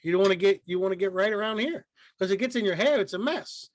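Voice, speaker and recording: Male podcast co-host, slightly high voice, dry close mic, rambling and profane. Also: fast talker, no room sound. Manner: rambling, profane, frequent restarts and fillers. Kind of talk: casual podcast chat.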